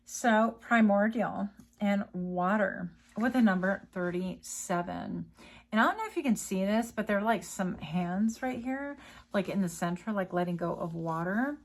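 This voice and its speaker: A woman's voice: medium pitch, expressive, unhurried. A woman giving a casual tarot reading, chatty and rambling, with many fillers and tangents. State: coughing, a bit choked up. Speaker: tarot reader.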